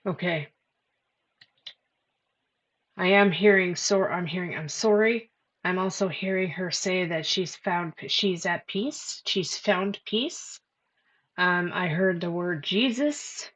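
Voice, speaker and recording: A woman hosting a livestream, talking straight to her chat in an emotional, excitable way. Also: lowish voice, slow pace, long pauses. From Canada. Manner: emotional, talks to chat directly. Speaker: livestream host. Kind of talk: live-stream commentary. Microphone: headphones with mic. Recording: dull lo-fi livestream audio with background noise.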